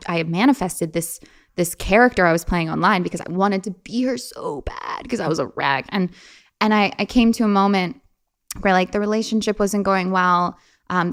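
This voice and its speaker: Chatty young woman telling stories. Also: medium pitch. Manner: animated and chatty, many fillers, laughs while telling stories. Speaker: podcast guest. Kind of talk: casual storytelling interview.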